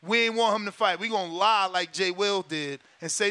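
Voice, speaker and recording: A man's voice: sits high, normal speed, few pauses, pushed and bright, no room sound. A man hosting a boxing talk show, ranting in a casual, emphatic way, swearing and repeating his points. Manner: emphatic, profane, repeats himself.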